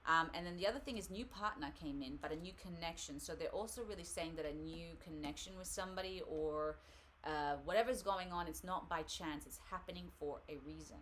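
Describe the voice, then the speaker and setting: A woman's voice: fairly low pitch, brisk, few pauses, fairly bright tone, slight background noise. A woman hosting a live tarot reading, talking casually and rambling with frequent laughs. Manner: chatty, rambling, laughs often.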